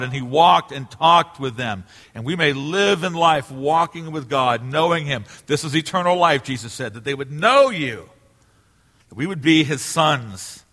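A middle-aged male pastor preaching a sermon, earnest, moving between loud emphasis and hushed, quiet passages. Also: fairly high pitch. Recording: long reverb of a large hall.

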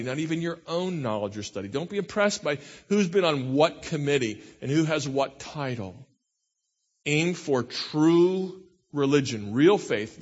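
Man preaching in a dull, echoing hall. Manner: earnest, builds to emphatic peaks then drops low. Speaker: pastor. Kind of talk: sermon.

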